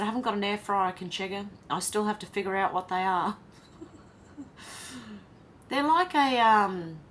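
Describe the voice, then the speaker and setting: Reading comments aloud and chatting back, the Australian woman hosting this laid-back livestream speaks in a mid-range, fairly bright voice. There's a little background noise.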